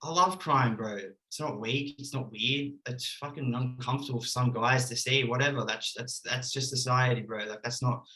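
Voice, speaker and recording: Young aussie guy on a video call, bright forceful voice, candid and earnest, says bro a lot. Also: medium pitch, moderate pace, few pauses, low-quality recording. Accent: Australian. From Australia. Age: young adult. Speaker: guest. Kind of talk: casual podcast chat over video call.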